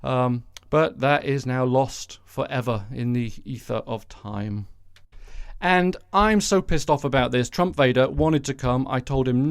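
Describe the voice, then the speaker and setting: A man's voice: mid-range voice, measured pace, creaky, clear, resonant tone, no echo. A man hosting a solo podcast, ranting casually with sarcastic, sweary, rambling asides. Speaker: podcast host. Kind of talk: casual solo political rant.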